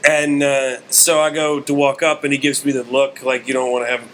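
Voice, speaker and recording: A man's voice: mid-range voice, flat delivery, fairly quick, fairly bright tone, a little hiss or hum, rough recording. A man, a comedian, telling wry stories in a casual podcast chat. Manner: storytelling, wry.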